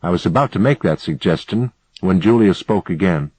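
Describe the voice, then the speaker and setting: Deep raspy guy reading a novel aloud, dead dry sound, steady and even. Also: moderate pace, dry recording, poor audio. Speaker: audiobook narrator. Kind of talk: first-person audiobook narration.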